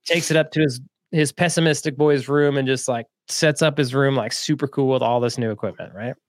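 A man co-hosting a podcast, telling a story in a relaxed, chatty way, with frequent laughs and fillers. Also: medium pitch, no echo, clean studio sound. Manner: laid-back, laughs often, quick bursts with lots of fillers. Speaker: podcast co-host. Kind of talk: casual storytelling chat.

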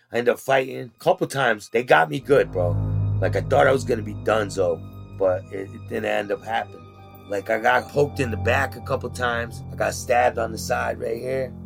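A man casually telling about his time in prison, in street slang, with animated retelling. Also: mid-range voice, creaky. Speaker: former inmate telling his story. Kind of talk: casual storytelling.

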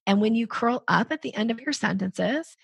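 Upbeat gravelly woman coaching on sales. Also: a little high, expressive, moderate pace, no room sound. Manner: naturally upbeat, lilting up at sentence ends. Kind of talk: conversational podcast interview.

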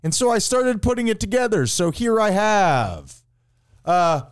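A man's voice: measured pace, smooth. A man co-hosting a podcast in casual comedic chat, playful and mock-grandiose in his delivery. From Florida, USA. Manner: playful, mock-grandiose, lively pitch swings. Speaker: podcast co-host.

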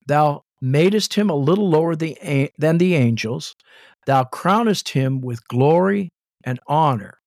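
A man leading a Bible study, slowly defining Hebrew and Greek words, repeating and spelling terms out as he goes. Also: on the high side, no room sound, clean studio sound. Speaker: Bible teacher.

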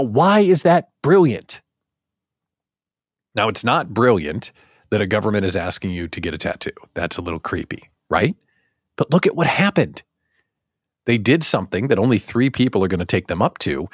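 A man hosts a live morning chat from his basement, cracking jokes and acting out little scenes. His pitch swoops up and down with a lot of expression. The sound is close and dry. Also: dry recording. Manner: animated, jokey, acts out scenes. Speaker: live show host. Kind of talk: casual morning show chat. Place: home basement studio.

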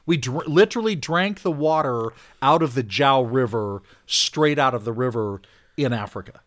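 A man telling a camp story in casual talk, animated, getting louder at the funny parts. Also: mid-range voice, normal speed. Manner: animated storyteller, rising loud for punchlines. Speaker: podcast guest, hunter.

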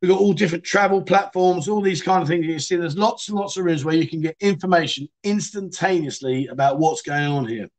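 A man hosts a laid-back livestream chat show, reading viewer stories aloud and sharing his own with a chatty, cheeky style, laughing along the way. His voice is a little high and fairly quick, with hardly any pauses.

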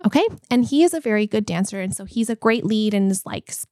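A woman in her forties, a podcast co-host, telling a story in a lively, laughing, casual way. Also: medium pitch, quick pace, no room sound, studio quality. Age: 40s. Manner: animated storytelling, laughs often. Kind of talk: casual chat.

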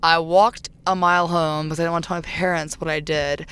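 A young woman telling personal stories as a guest in casual chat. She is animated and profane, and shouts when reenacting her own outbursts. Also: low-pitched, a little fast, clear, resonant tone. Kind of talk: casual storytelling.

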